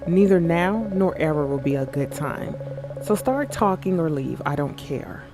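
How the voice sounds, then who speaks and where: A man's voice: a little high, lively intonation, unhurried. A man reading the lines of a hostile, bitter woman guest in a game, curt and scornful. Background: game music.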